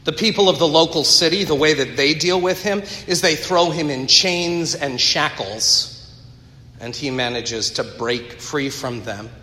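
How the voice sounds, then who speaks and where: A man's voice: on the high side, measured pace, pushed and bright. A man preaching a sermon, retelling a story earnestly with conversational asides to the congregation. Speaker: pastor. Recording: echoey hall with long reverb.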